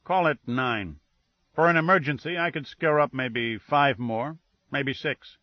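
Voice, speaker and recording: A man's voice: mid-range voice, unhurried, no room sound, dull audio, natural voice. A man voicing a practical male agency head who talks in a blunt way.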